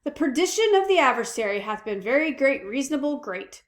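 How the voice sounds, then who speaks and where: A woman's voice: sits high, very animated, brisk, pitched above the performer's own voice. A woman reading aloud, voicing a fussy army captain in an emphatic, earnest way. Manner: earnest, emphatic, self-admittedly weak accent attempt. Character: fussy Welsh army captain, stickler for discipline.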